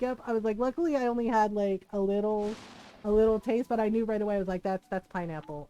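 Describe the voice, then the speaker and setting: A woman's voice: a little high, fast talker, warm tone. A woman streaming a game, chatting casually and telling stories, acting out what her family said. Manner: chatty anecdotal storytelling, acts out family quotes. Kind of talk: casual live-stream chat while playing.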